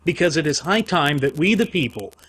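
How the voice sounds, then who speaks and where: A man's voice: on the high side, animated, a little fast, fairly bright tone, a little hiss or hum, rough recording. A man co-hosting a political talk show, speaking emphatically and indignantly with rhetorical questions. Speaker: podcast co-host. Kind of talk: political commentary.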